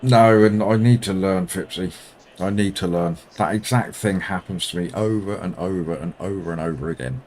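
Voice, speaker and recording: A man streaming a sim race, commenting live and bantering with viewers in an excitable, self-mocking way. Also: low-pitched, moderate pace. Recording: loud racing game engine noise behind.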